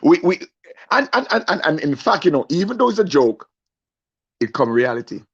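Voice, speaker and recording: A husky young man tells a stand-up story, bringing the people in it to life with their own voices. His voice sits a little high for a man. The recording is muffled and lo-fi. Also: moderate pace. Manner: animated storyteller, acts out voices, asks the audience. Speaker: comedian.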